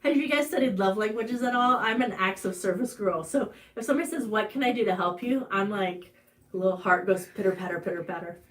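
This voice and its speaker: An expressive, fast-talking woman with an Ozark American accent hosts a live stream for a farm channel. She chats through a personal story, full of fillers and restarts, and her voice climbs high at the emotional points.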